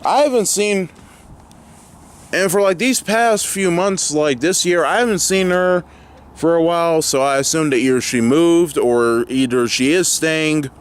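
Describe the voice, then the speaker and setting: A man's voice: on the high side, a little slow, clear, resonant tone. A young man vlogging outdoors near his home, ranting indignantly and rambling with lots of fillers and restarts. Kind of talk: angry ranting vlog.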